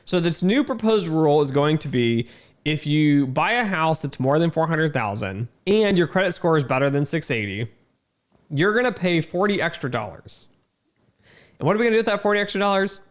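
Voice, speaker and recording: A man's voice: a little high, sing-song, a little fast. A man ranting in a frustrated, emphatic way, repeating himself with fillers and restarts. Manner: irritated and incredulous. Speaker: video host. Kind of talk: frustrated talking-head rant.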